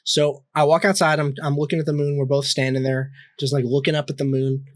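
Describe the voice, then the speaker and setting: A man's voice: fairly high pitch, little pitch movement, brisk, no echo. Rambling young man telling a story. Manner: rambling, swears a lot, many fillers and restarts. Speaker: podcast co-host. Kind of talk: casual storytelling chat.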